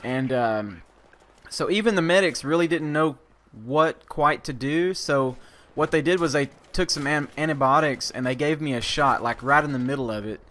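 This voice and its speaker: A man's voice: on the high side, normal speed, fairly bright tone. A man, an army veteran vlogger, telling a casual story, rambling with many fillers and restarts and casual swearing.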